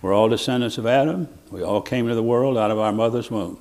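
A man delivers a sermon in an earnest, reflective tone. His voice sits at a middle pitch, and he often restarts a thought before swelling into emphatic bursts. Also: fairly quick, few pauses, darkish tone. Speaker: preacher.

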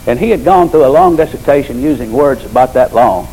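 A man's voice: mid-range voice, animated, a little fast, mellow, a little hiss or hum, low-quality recording. An older man preaching a sermon, telling folksy stories with emphatic repetition.

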